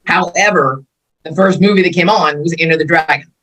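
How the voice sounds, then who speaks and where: A woman's voice: on the low side, fairly quick, a bit bright, rough recording. A woman in her fifties from California, a martial arts instructor telling her life story in a casual interview, acting out the quotes as she goes. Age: 50s.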